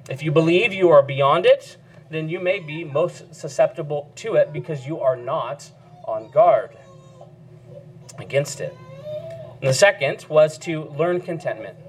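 A man's voice: a little high, a little hiss or hum. A man preaching an expository sermon as a pastor, earnest and emphatic, repeating key phrases for weight.

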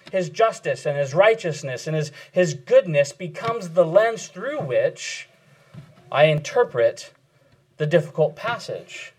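A man's voice: a little high, a little mellow, husky, low-quality recording. A man preaching an expository sermon, earnest and emphatic, repeating key phrases.

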